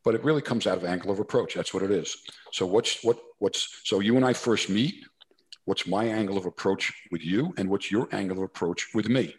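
Low-voiced chatty American consultant. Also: male voice, fairly quick, few pauses. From New Jersey, USA. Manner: chatty, anecdotal, many restarts and asides. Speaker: guest, corporate consultant. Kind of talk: storytelling interview.

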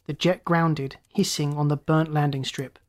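A male narrator reads a science fiction audiobook with steady control. When characters talk, his pitch rises.

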